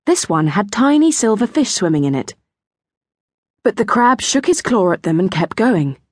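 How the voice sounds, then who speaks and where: A woman narrating a children's audiobook in a gentle storytelling manner. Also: medium pitch, moderate pace, dry recording, studio quality. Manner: gentle storytelling, lively intonation. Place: recording studio. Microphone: close studio mic.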